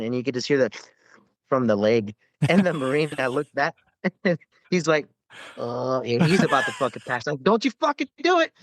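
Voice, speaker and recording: A man's voice: medium pitch, a bit bright, no room sound. A man, a former Navy corpsman, telling rambling war stories with lots of swearing and fillers in a casual podcast interview.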